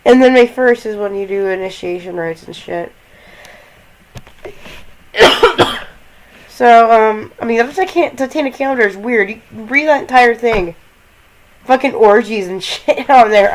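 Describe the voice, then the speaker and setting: A woman's voice: a little high, measured pace, long pauses, a little hiss or hum, poor audio. A young woman chatting casually and swearing freely as she walks through a game, talking from her bedroom while lying down. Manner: rambling, swearing, jokey. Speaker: gaming vlogger.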